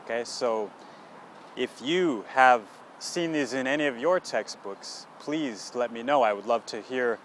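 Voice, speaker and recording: A man hosting an English lesson podcast, patiently repeating words slowly for learners. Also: medium pitch, fairly bright tone, slight background noise. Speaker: English teacher and podcast host.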